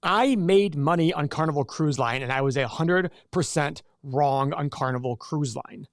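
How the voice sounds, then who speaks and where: A man's voice: on the high side, normal speed, dry recording, studio quality. Chatty joking male livestream host. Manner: chatty, jokey, self-interrupting. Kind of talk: casual livestream chat.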